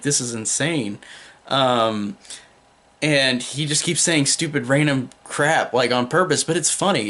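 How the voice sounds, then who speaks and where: A man's voice: fairly high pitch, a bit bright. A young man giving a casual spoken film review, rambling with many fillers and restarts.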